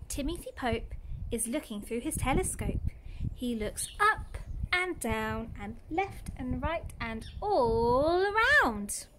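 A woman, a nursery teacher, reading a picture book aloud to young children in an animated way, full of gasps. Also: high-pitched, background noise. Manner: animated, gasping, exaggerated storyteller.

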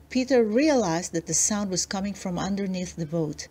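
A woman narrating a children's storybook aloud, slow and expressive. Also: medium pitch, breathy edge. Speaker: storybook reader.

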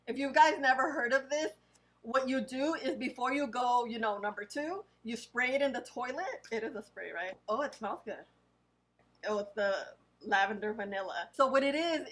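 A woman beauty vlogger talking casually, reading product names aloud slowly and adding chatty asides. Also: fairly high pitch, fairly bright tone, poor audio. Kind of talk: casual haul unboxing.

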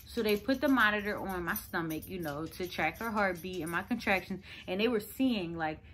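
Bright-voiced young woman vlogger. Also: on the low side, animated, moderate pace, soft background music. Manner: chatty, rambling, lots of "like" fillers. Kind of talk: casual storytelling to camera.

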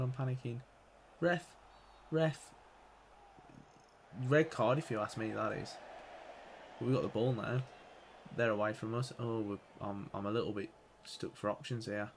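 Excitable man commentating his own gameplay. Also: lowish voice, gravelly, slight background noise. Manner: excitable, swings from muttering to loud outbursts. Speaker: gaming YouTuber playing career mode.

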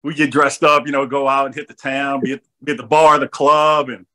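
A man hosting a casual interview, friendly and quick to laugh, saying "man" a lot. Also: mid-range voice, little pitch movement, pushed and bright. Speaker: podcast host, former college football player.

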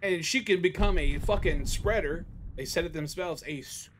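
A young male gaming streamer talks casually while he plays, ranting and cursing heavily and tripping over restarts. His voice sits fairly high, with a faint hiss underneath. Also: moderate pace. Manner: ranting, swears constantly, restarts sentences. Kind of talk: casual live-stream chat.

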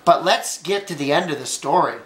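A woman reading a story aloud to children, animated and addressing them directly, in an echoey room. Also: low voice, fairly quick.

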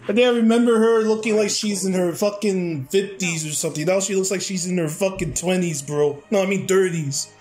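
A young man giving loud, profane, rowdy commentary while playing a game. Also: sits high, a little fast, hardly any pauses, faint music behind. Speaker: gameplay commentator. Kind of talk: crude gameplay commentary.

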